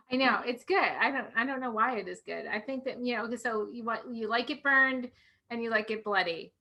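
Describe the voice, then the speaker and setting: A woman's voice: on the high side, normal speed, sharp tone. A woman hosting a casual chat show, laughing often and talking to her guest. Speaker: host.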